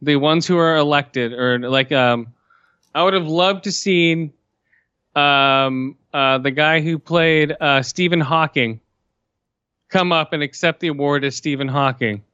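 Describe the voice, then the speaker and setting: A man's voice: fairly high pitch, measured pace, bright, forceful tone, clear, resonant tone, no room sound. Chill young guy hosting a podcast, lots of uhs, dry kinda muffled mic. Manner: laid-back, hesitant, many fillers. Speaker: podcast host. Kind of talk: casual chat.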